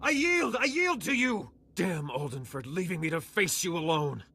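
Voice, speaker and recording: A man's voice: on the high side, moderate pace, fairly bright tone, slight background noise. An actor playing a proud, zealous male Jedi Knight in a video game, who speaks in a righteous, combative way. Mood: broken.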